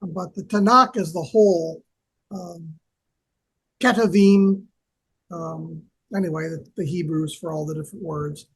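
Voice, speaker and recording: A male scholar co-hosts a relaxed teaching talk. He explains at an easy pace, stopping often with fillers as he gathers his thoughts. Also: on the high side, unhurried, slightly rough. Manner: hesitant, lots of fillers, explanatory. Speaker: co-host, archaeology scholar. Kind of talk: casual educational discussion.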